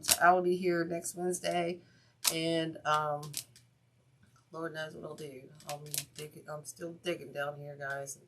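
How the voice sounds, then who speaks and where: A woman's voice: low-pitched, background noise. A woman hosting a craft livestream, chatting casually and rambling as she works and talks to viewers. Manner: chatty, rambling, with self-talk and asides to viewers. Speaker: craft channel host.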